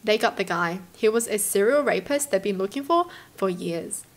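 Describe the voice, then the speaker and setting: A young woman from Australia, hosting and reading stories aloud, then reacting to them with animated exclamations. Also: medium pitch, normal speed, hardly any pauses. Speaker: host.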